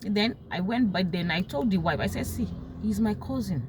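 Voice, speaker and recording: A young woman with a Nigerian accent talks through a personal story, emotional and open, and she acts out other people's words in sharp, raised tones. Her pitch sits in the middle and moves a lot. A faint noise of vehicles runs behind her. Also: animated, normal speed.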